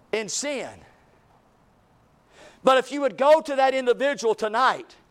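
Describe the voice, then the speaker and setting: A man preaching a sermon, his voice pitched unusually high for a man. He preaches with fervor, stretching his phrases and pushing up into shouts as he drives his point home. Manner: impassioned preaching, rising to shouts. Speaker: pastor.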